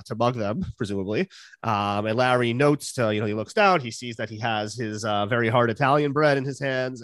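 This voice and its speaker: A man of middle pitch recaps a TV episode, full of fillers and restarts. The sound is close and dry, with little room echo. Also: a bit bright. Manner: rambling, filler-heavy recap. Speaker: podcast host.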